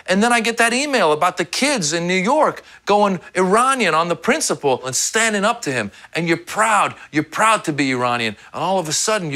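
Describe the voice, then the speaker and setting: A man in his thirties from Iran, telling a satirical comedy monologue as an animated storyteller. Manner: animated storyteller, jumps into high squeaky voices for quoted people.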